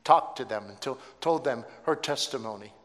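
Pastor preaching in a reverberant hall. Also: male voice, medium pitch, normal speed. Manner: animated, acts out quoted voices, stammering restarts. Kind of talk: sermon storytelling. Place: church sanctuary.

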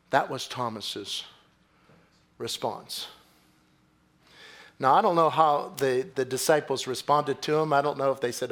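A man preaching a sermon in a church, swinging from quiet, low phrases to loud, excited bursts. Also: unhurried, long pauses. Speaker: pastor.

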